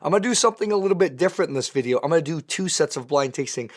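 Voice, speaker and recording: A man's voice: a little high, animated, rapid-fire. A man with a weakened voice from recent voice loss, presenting a wine tasting in an enthusiastic, conversational way. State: weak voice from lost voice. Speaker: wine educator.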